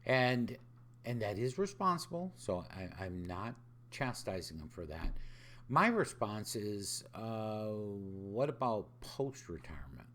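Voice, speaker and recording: A man with a fairly low voice talks slowly, as a podcast host sharing his thoughts. His pitch swings widely as he acts out short bits of dialogue and asks rhetorical questions. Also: big pitch swings, a bit bright. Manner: conversational, quotes others in dialogue, rhetorical questions. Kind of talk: casual spoken reflection.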